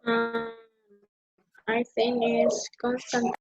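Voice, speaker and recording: A woman's voice: on the high side, monotone, extremely slow, husky, no room sound, dull audio, faint music behind. A woman student in an online class, answering hesitantly.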